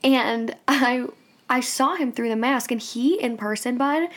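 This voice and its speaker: A young woman co-hosting a podcast, telling a story in casual chat and often quoting people. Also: a little slow. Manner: chatty storyteller, quotes people in a higher voice. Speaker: podcast co-host. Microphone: studio microphone.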